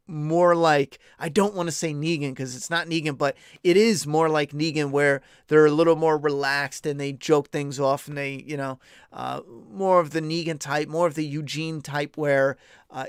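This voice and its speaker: A man's voice: fairly high pitch, smooth, no room sound, studio quality. Blunt, profane man chatting casually. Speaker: podcast host. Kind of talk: casual live-stream chat.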